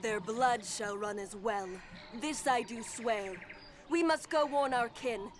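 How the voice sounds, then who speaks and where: A fierce dark elf warrior woman. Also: on the high side, slow. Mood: vengeful. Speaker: warrior in a game cutscene. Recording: game cutscene with ambient noise.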